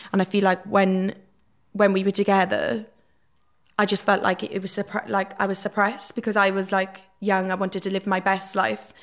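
Chatty young Welsh woman, rambling and frank. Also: mid-range voice. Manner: rambling, frank, peppered with fillers. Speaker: guest. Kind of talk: casual candid storytelling.

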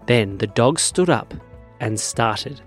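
Lively man reading a kids' story. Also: mid-range voice, slow, faint music behind. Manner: animated, expressive read-aloud. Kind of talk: children's story narration.

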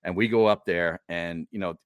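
A man's voice: deep voice, steady tone, normal speed, no room sound. A man co-hosting a casual sports podcast, telling long rambling anecdotes. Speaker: podcast co-host.

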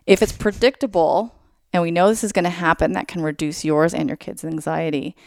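A woman guest on an interview show, walking the listener through her points with homey examples and plenty of "like" and "you know." Her lowish voice has a gravelly fry under a smooth, resonant tone. The sound is close and dry. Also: fairly even intonation, brisk, no echo. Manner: upbeat, explains with everyday examples, frequent "like" and "you know". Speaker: guest school psychologist. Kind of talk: casual interview talk.

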